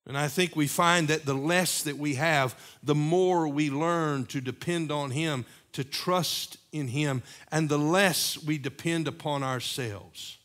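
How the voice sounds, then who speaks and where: A man preaching a sermon as pastor, moving between emphatic raised passages and hushed, repeated lines. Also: fairly high pitch, slow, hardly any pauses. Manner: preaching with swings from loud emphatic peaks to hushed, repeated phrases.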